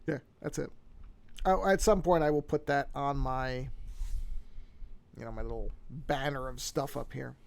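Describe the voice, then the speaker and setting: Gravelly-voiced man rambling on a livestream. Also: mid-range voice, measured pace, long pauses. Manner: rambling, self-interrupting, repeats words. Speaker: streaming artist. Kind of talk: casual livestream chat. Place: home office at his desk. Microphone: desk microphone.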